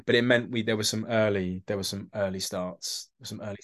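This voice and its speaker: An actor with a London English accent guests on a podcast interview, telling animated anecdotes, frequently restarting sentences and acting out the voices of people in his stories. His voice is fairly low-pitched and his pace fairly quick.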